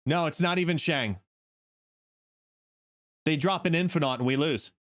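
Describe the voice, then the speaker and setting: A young man casually commentating his card game on a live stream from home, excitable and swearing now and then. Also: moderate pace. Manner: excitable, swears, switches to a high soothing dog voice. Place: home room.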